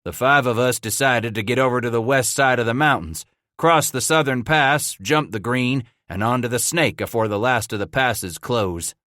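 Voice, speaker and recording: A man voicing a rough-spoken frontier trapper with a snarling backwoods drawl, in a storybook reading. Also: medium pitch, moderate pace, bright, forceful tone, dry recording, clean studio sound, pitched above the performer's own voice, close to an everyday voice.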